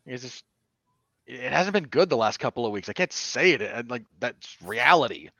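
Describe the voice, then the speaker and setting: A man's voice: mid-range voice, very animated, moderate pace, bright, forceful tone, no room sound. A man co-hosting a podcast, chatting casually and dropping dry, sarcastic asides. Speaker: podcast co-host. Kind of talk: casual chat.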